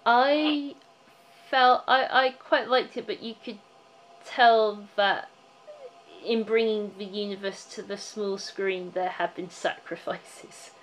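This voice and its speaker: A woman's voice: medium pitch, steady tone, slow pace, rough recording. A woman hosting a casual panel chat, chatty and playful as she steers the talk. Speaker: podcast host.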